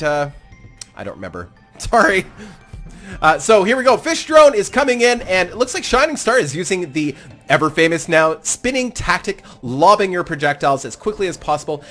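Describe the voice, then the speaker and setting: A man hosting a fan game tournament, chatting casually and commentating on the matches. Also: sits high. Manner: animated, chatty, self-deprecating with laughs. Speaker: gaming YouTuber hosting a tournament.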